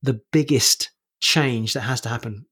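A man on a podcast giving coaching advice, explaining things in quick, animated bursts with many restarts. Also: medium pitch, husky. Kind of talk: casual conversational podcast talk.

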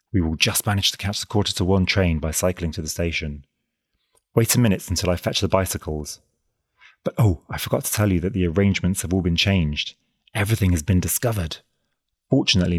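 A man reading an audiobook, voicing an urgent, quick-witted young woman in a raised pitch. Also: a little mellow, dry recording, studio quality.

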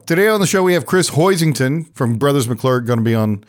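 A man's voice: mid-range voice, animated, fairly quick. A man co-hosting a faith podcast in casual, joking chat, often laughing. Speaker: podcast co-host.

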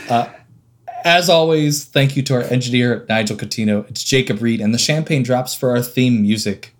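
A man co-hosting a podcast in casual chat, enthusiastic and excitable. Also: medium pitch, moderate pace, slight background noise. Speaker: podcast co-host.

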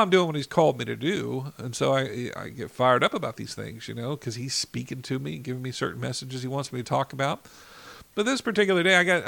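A man's voice: medium pitch, vocal fry, sharp tone. A man ministering in an informal devotional talk, enthusiastic and fired up, often saying "you know.".

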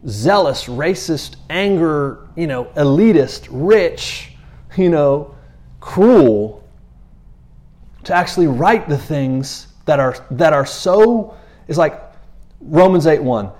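Male preacher, casual and animated delivery, talks like he's chatting with friends, restless rhythm. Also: a little high, slow. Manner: animated, repeats himself, acts out quotes in passing. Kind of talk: conversational sermon.

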